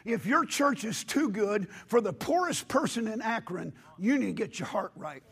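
Hoarse, gravelly-voiced preacher man. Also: high voice, expressive, normal speed. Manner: impassioned preaching, rising to shouts. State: hoarse, losing his voice. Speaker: pastor. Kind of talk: sermon. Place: church.

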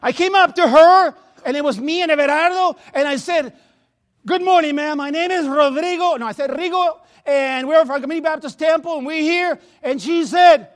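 High-voiced Spanish-accented man preaching. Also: moderate pace. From Latin America. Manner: repeats words and restarts, laughs at himself, storytelling. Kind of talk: sermon. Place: church sanctuary.

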